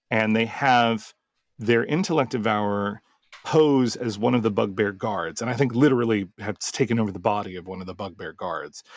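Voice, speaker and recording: Male game master and podcast host, gravelly, dry close sound, rambling casual storytelling. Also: mid-range voice, no room sound. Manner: rambling, full of fillers and restarts.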